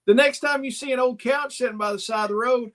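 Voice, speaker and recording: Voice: mid-range voice, fast, fairly bright tone. A podcast co-host chatting casually, giving sympathetic and joking replies. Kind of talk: casual chat.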